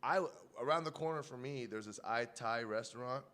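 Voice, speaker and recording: This podcast co-host has a medium-pitched, fairly bright voice and keeps a moderate pace. He laughs a lot while casually swapping loose, profane stories.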